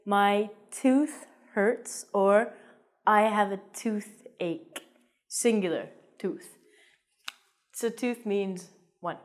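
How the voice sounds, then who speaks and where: A woman giving an English lesson to learners, slow and deliberate with a slightly high voice. She keeps it playful, throwing in jokey, theatrical asides between vocabulary points. The pace stays unhurried so every word lands clearly. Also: a little mellow. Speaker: English teacher.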